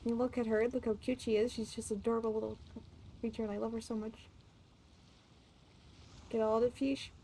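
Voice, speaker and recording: A woman streamer chatting casually while gaming, excitable and gushing, swearing freely. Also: fairly high pitch, brisk, long pauses, slight background noise. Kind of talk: casual gameplay chat.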